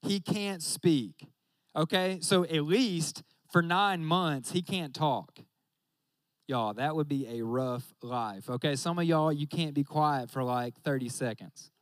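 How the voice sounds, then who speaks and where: A man's voice: a little high, slow pace, dry recording. A young man preaching a casual sermon, joking and talking straight to his listeners. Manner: joking, talks straight to the audience with "y'all".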